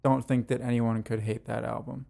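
A man co-hosting a music podcast, talking in a relaxed, easygoing way. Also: medium pitch, moderate pace, vocal fry. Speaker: podcast co-host. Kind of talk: casual chat.

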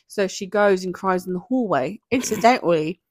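A woman co-hosting a casual podcast, gushing through a gossipy recap and leaning on "like" at every turn. Her voice sits at an everyday middle pitch. The sound is dry and close to the mic. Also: expressive, moderate pace, no echo. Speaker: podcast co-host. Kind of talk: casual chat.

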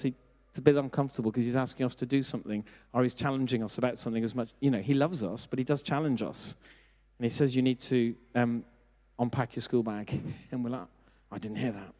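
A middle-aged man delivers a sermon in a relaxed, conversational way. He mixes in self-deprecating asides and asks the congregation questions. His voice sits at an ordinary pitch and carries a long reverb from the hall. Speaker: preacher.

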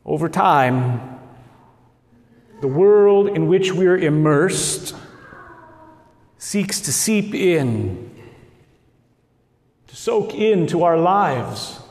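A Midwestern man from Nebraska, with a slight North Dakota tinge, preaching a sermon as pastor in slow, deliberate phrases with dramatic pauses. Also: a little high, lively intonation, darkish tone. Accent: Midwestern with a trace of North Dakota. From Nebraska, USA. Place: church sanctuary. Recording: echoey church hall.

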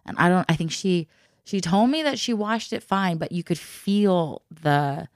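A woman's voice: lowish voice, animated, unhurried, dry recording, clean studio sound. A woman in casual chat who tells stories at length, laughs often and acts out the people she quotes.

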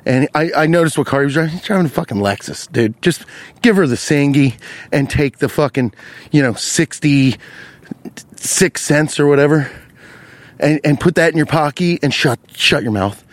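On a dry recording, a podcast host with a fairly high voice speaks at a moderate pace. He's animated and swears a lot while telling a comic story, playing out the characters as he narrates.

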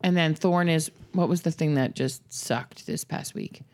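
A woman's voice: low voice, moderate pace, darkish tone. A woman in casual podcast chat, matter-of-fact and reassuring.

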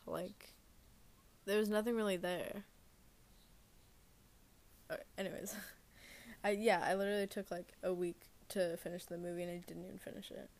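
A woman chats about films alone in her bedroom, lying down as she talks. Her voice has a gravelly, creaky edge, and her thoughts wander through fillers and restarts. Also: mid-range voice, darkish tone. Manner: rambling, full of fillers and restarts. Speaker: movie reviewer. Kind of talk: rambling casual chat.

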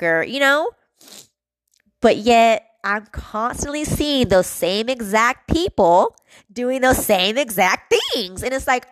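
A woman's voice: on the high side, big pitch swings, measured pace, fairly bright tone, no echo. Frustrated young woman venting. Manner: venting, frustrated, repetitive fillers and swearing. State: emotional, near tears. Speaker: podcast host. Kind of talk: emotional personal monologue.

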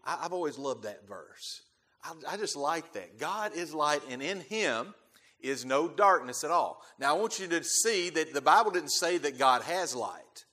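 Guy preaching a sermon, bright forceful voice, quotes scripture old style, gets loud then quiet. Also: on the high side, animated, normal speed. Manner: emphatic, repeats key phrases, quotes scripture in King James wording; loud swells on key words, drops to quiet asides. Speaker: pastor.

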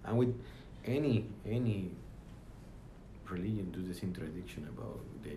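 A man's voice: deep voice, normal speed, noisy background. A man joining a casual Bible study discussion, talking in a loose, informal and rambling way.

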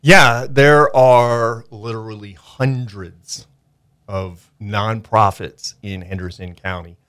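Low-voiced man, radio guest, enthusiastic rambler with filler words. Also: steady tone, slow, fairly bright tone, clean tone, no echo, studio quality. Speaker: studio guest, media company owner. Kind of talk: casual radio chat. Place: radio studio.

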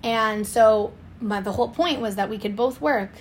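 A young woman, telling a lively story in a casual podcast chat. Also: a little high, a little hiss or hum. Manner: animated storytelling, quick swings in loudness. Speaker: swim school owner, guest.

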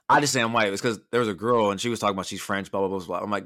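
A young man with a bright, forceful voice, on the lower side of pitch, chatting casually as a podcast host. He tells stories in a loose, profane, animated way, and he comes from Southern California. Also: very fast, few pauses. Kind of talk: casual chat.

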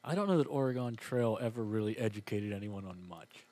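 Man, podcast co-host, casual chat, dry, measured, skeptical. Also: lowish voice, lively intonation, mellow.

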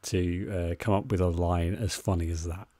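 Low-voiced man with dry teasing humour. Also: steady tone, moderate pace, dark tone, dry recording. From Britain. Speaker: podcast co-host. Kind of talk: casual film discussion.

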